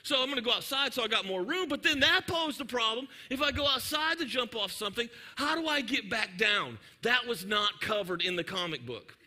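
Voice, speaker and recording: A man, preaching to his congregation. He tells a lively, joking story and talks directly to the crowd. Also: extremely high pitch, a little fast, hardly any pauses. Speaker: pastor. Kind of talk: sermon storytelling.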